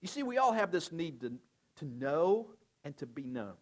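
An older man delivers a sermon in an earnest, conversational way. His voice sits a little high for a man, and he often drops to a soft, low tone to drive a point home. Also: very animated, moderate pace. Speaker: pastor.

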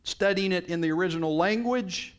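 A man's voice: high voice, a little fast. A middle-aged male pastor preaching a sermon in a storytelling way, his voice jumping up when he quotes people.

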